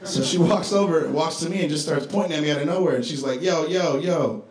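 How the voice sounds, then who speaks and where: A male stand-up comedian from Chicago with a laid-back, deadpan delivery, his voice a touch high. His set rings through an echoey club over steady audience noise, picked up on a handheld stage mic. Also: fast.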